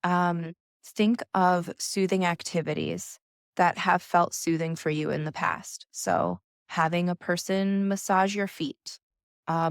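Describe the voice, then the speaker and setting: Woman, young adult, gentle wellness coach, unhurried and soothing. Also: on the low side, clean tone, no echo, clean studio sound. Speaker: nervous system coach. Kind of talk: calm instructional talk.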